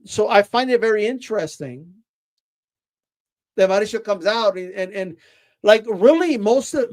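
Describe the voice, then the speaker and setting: Brief: opinionated male boxing host with a high voice, stumbling over repeated words as he rants. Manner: ranting, rhetorical "right?" tags, repeats words, says "bro". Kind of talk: opinionated casual commentary.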